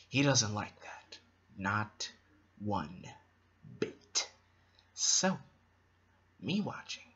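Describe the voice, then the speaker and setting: A man voicing an unhinged, menacing male criminal clown in a low, raspy half-whisper. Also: pushed and bright, lo-fi sound, heavily acted.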